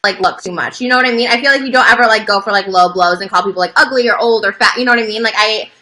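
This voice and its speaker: A woman's voice: medium pitch, rapid-fire, sharp tone, low-quality recording. A young adult woman chatting as a guest on a livestream, blunt and teasing with a bubbly manner. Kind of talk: casual livestream chat.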